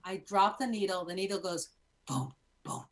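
A Cuban American woman in her fifties, a podcast guest in casual chat, telling animated stories with many restarts. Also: fairly low pitch, normal speed. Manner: animated storyteller with many restarts and acted-out moments.

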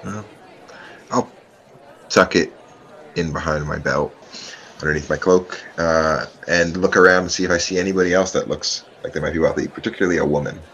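Deep-voiced tabletop player man. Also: fairly even intonation, fairly quick, a bit bright, highs cut off, a faint crowd, slight background noise. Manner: hesitant, filler-heavy. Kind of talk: casual tabletop play.

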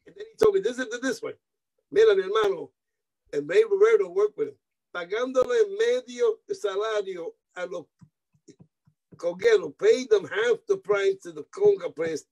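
An older man from New York, an interview guest telling animated stories, repeating words, mixing in Spanish phrases and acting out the voices of people he quotes. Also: high voice, moderate pace, low-quality recording. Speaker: guest musician. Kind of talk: anecdotal interview storytelling.

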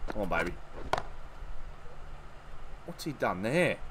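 A young man streaming a cricket video game live, commentating excitedly, swearing and thanking followers. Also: lowish voice, slow pace, noisy background.

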